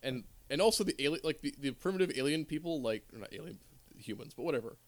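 A man's voice: a little high, lively intonation. Dude on a movie podcast, stammers a lot, rants about stuff he didn't like. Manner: rambling, halting restarts, opinionated. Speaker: podcast co-host. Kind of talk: casual chat.

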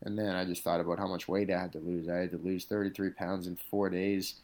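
Low and darkish, this man's voice stays level while he talks fast. As an MMA fighter being interviewed, he drifts through casual conversational stories from his career, dropping "like" and "you know" constantly.

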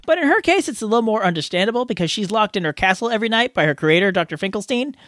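A man's voice: sits high, very fast, a bit bright, no echo, clean studio sound. A man co-hosting a podcast, rambling goofily through his own outtakes and mocking himself. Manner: goofy, self-mocking, rambling. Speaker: podcast co-host.

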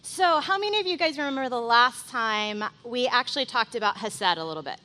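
A woman delivers a sermon in a high, bright voice. She talks conversationally and with animation, often saying "like," as if chatting with her congregation. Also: a little fast. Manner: conversational and animated, heavy use of "like". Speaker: pastor.

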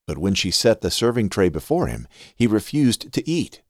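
A man hosting a podcast and reading scripture aloud in an expressive, scripted way. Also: lowish voice, moderate pace, no echo, studio quality. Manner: expressive reading with a lively rise and fall.

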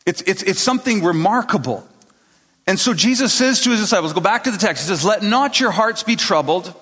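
His voice sits high and a bit bright as the pastor tells stories to his congregation, slipping into the voices of the people in them. It's a casual, conversational sermon delivered live in a church hall with a long, echoing reverb.

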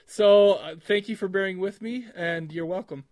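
A man with a fairly high voice chats casually as a podcast co-host. He jokes around and laughs a lot, with an animated, playful delivery. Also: moderate pace. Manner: laughs often, jokey and animated. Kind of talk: casual chat.

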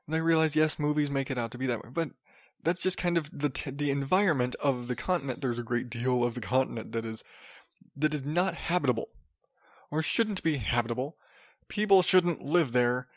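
A man's voice: medium pitch, brisk, no room sound, studio quality. A man hosting a casual solo podcast, rambling with restarts and sarcastic asides. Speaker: podcast host.

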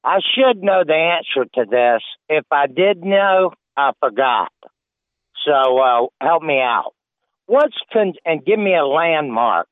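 A man's voice: a little high, animated, takes it slowly, no room sound. Older man calling in over a phone. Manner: rambling, folksy storyteller. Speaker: caller. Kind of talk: phone-in chat. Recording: tinny phone line.

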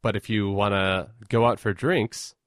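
A man with a fairly low voice muses through a casual chat, halting and restarting his words as he goes. The sound is dry, with no room around it, and he talks in an easy back-and-forth. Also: steady tone, no room sound.

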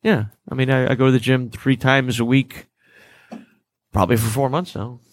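A man, a stand-up comedian, telling stories in a casual interview, lively and jokey, acting out voices and laughing often. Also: medium pitch, normal speed, no echo, clean studio sound. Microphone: studio microphone and headphones.

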